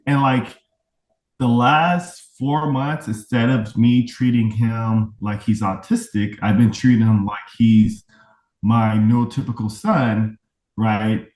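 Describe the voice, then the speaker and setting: A man's voice: mid-range voice, fairly even intonation, normal speed. A man talking earnestly and reflectively as an interview guest, a father of autistic twins, often checking in with "right?". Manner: reflective, earnest, fond of tag questions. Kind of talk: candid conversational interview. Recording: roomy, distant from the mic.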